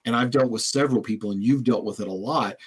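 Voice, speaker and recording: A man's voice: lowish voice, quick pace, breathy edge, poor audio. A man hosting a podcast interview, telling stories in a rambling way with frequent restarts and repeated words. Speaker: podcast host. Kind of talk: conversational interview.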